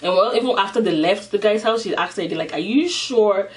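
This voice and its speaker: Eating-show host, lively chatty retelling, mic a bit far off. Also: mid-range voice, fast talker. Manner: animated retelling, acting out the characters. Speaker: mukbang vlogger. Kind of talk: casual storytelling while eating.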